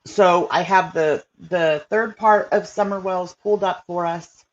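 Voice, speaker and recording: A woman's voice: on the low side, fairly even intonation, measured pace. Chatty woman streamer with muffled sound. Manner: chatty and rambling, with many fillers. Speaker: livestream host. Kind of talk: casual livestream chat reacting to viewers.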